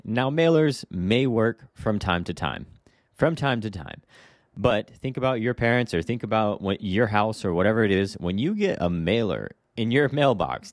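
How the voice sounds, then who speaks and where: A man hosting a solo podcast as a real estate agent, talking casually in a blunt, animated way with lots of rhetorical questions. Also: fairly low pitch, dry recording, studio quality. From Hawaii.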